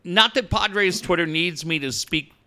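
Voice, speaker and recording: A man's voice: sits high, a little slow, pushed and bright. A man co-hosting a casual sports podcast, profane and boisterous as he rants animatedly.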